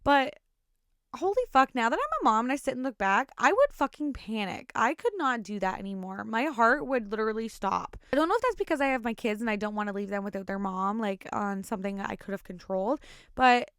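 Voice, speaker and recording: Smooth, higher-voiced woman telling stories. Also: animated, a little fast, a bit bright, dry recording, studio quality. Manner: swears often, rambling with many fillers. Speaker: podcast host telling personal stories. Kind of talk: casual storytelling.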